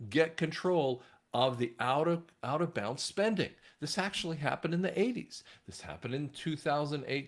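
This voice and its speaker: A man talking casually to his viewers in a rambling monologue, often restarting his sentences. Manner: rambling, frequent restarts, animated swings in pitch. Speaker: online commentator.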